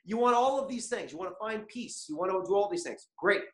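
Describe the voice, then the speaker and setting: A man hosting a motivational online masterclass, energetic and constantly asking his viewers questions. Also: high voice, brisk, roomy sound. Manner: animated, keeps asking the chat audience questions. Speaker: webinar host.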